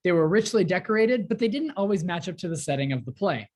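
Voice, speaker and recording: A woman's voice: fairly low pitch, big pitch swings, fast talker, darkish tone. A woman teaching a lesson, explaining step by step with frequent fillers. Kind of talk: classroom lecture.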